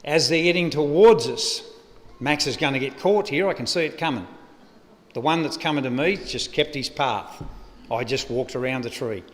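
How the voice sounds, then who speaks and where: An Australian man delivering a eulogy tells a meandering, funny anecdote into a lectern mic at a funeral venue. He speaks in a mid-range voice at normal speed, and the hall sounds echoey.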